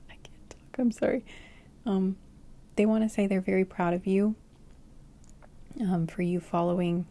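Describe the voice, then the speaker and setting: Woman, hoarse, tired, quiet half-whisper, mellow gravelly tone, casual tarot reading. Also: lowish voice. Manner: speaks very quietly, often slipping into a whisper. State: hoarse, voice nearly gone. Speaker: tarot reader. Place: dark room indoors.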